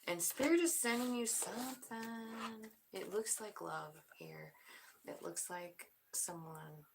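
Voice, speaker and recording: Woman tarot reader, emotional and hushed, raspy low voice, noisy recording. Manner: emotional, soft-spoken, often drops to a whisper. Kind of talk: spiritual tarot reading.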